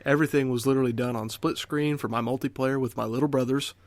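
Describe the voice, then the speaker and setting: A man's voice: medium pitch, fairly even intonation, fast talker, no room sound. Earnest young man ranting on a podcast. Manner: earnest, self-deprecating, ranting. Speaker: podcast co-host. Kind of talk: casual podcast chat.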